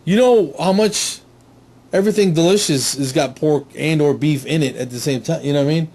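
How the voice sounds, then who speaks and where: A middle-aged man performing a stand-up comedy set with a slightly higher voice. He tells his story in an animated way and slips into goofy character voices. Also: fairly quick.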